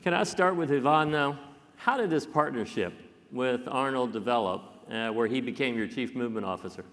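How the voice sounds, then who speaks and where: A man's voice: mid-range voice, fairly quick, a bit bright. Courteous male moderator on a stage. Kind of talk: onstage interview questions. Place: large conference hall stage. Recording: reverberant conference hall.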